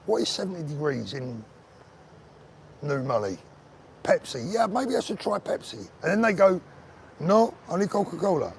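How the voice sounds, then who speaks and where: This slightly high-voiced man walks outdoors on a street, live-streaming from his phone and bantering easily with viewers, whom he greets by name as he reads the chat. His voice is gravelly and comes at normal speed with frequent pauses, while cars pass, the street murmurs faintly, and a slight hiss or hum runs underneath.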